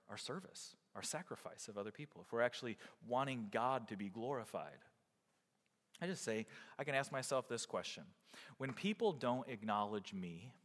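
A man preaching a sermon as pastor, swinging from loud emphasis down to quiet, close remarks. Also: on the low side, long reverb tail. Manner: expressive preaching, rising and dropping to near quiet.

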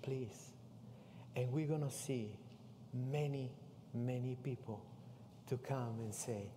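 A man, a missionary preaching a sermon with animated stories in English. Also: mid-range voice, slow, pauses often, noisy background. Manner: animated storytelling with non-native English. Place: church sanctuary. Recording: far-off voice in a reverberant hall.

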